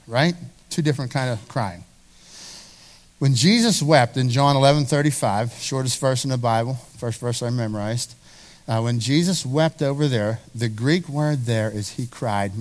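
A male pastor delivering a Sunday sermon in a fairly high voice. He speaks earnestly and with emphasis, and stumbles over repeated words as he pushes toward each point. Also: a bit bright.

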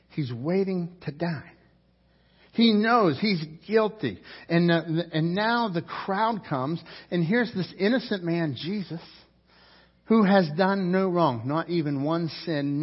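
A man's voice: fairly high pitch, a little slow, husky, muffled recording. A man preaching a sermon as pastor, telling the story vividly and acting out the characters' lines.

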